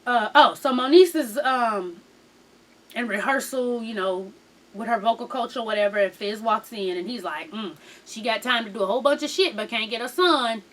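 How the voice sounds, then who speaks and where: Woman vlogger with a high voice, sassy and cussing, gossiping through a tv recap. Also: normal speed. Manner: sassy, profane, animated storytelling with impressions.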